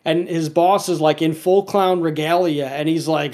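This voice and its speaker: A man's voice: fairly high pitch, little pitch movement, moderate pace, few pauses, a little mellow. A man in casual podcast chat, rambling through a cartoon episode with lots of fillers and restarts.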